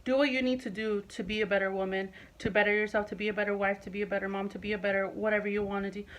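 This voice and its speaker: Talking very fast with a flat delivery, this vlogger, a woman in her twenties, addresses her viewers with impassioned emphasis and repeats points to drive them home. Her voice is mid-range. The recording quality is rough.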